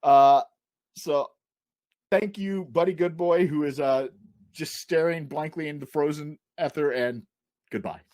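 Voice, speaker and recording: A man with a slightly high voice tells a comedy anecdote from home over a video call. He rambles with plenty of ums and uhs. He keeps breaking into giggles as he goes. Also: unhurried, darkish tone. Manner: rambling, giggly anecdote telling with many fillers. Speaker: comedian and panel host. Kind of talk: storytelling comedy chat.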